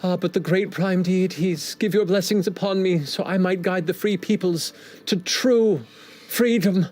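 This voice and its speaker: A man's voice: high voice, unhurried, a little mellow, pitched above the performer's own voice. A man voicing a woman actress playing a heroine in a tavern melodrama, declaiming grandly. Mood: pleading.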